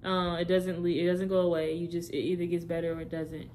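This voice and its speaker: A woman's voice: fairly low pitch, level tone, quick pace, a little mellow, slight background noise. Candid young woman telling her testimony. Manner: candid, talks straight to viewers; rambling, self-correcting. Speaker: testimony speaker. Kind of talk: personal testimony storytelling.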